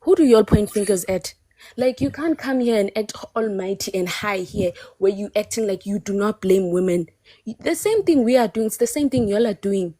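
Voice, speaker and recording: A woman's voice: mid-range voice, moderate pace, dark tone, no echo. A South African woman arguing heatedly on a live-stream call, emphatic and defensive as she pushes back on the men on the panel.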